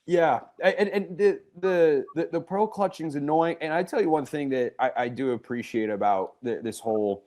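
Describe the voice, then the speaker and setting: A man's voice: on the high side, moderate pace, few pauses, a little mellow. A man hosting a sports talk podcast, leading the chat with joking banter. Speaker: podcast host.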